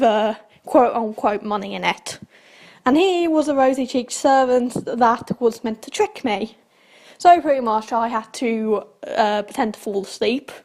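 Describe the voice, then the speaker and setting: A young woman hosting a channel, telling a rambling story in casual chat and laughing often as she talks. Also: on the high side. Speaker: channel host.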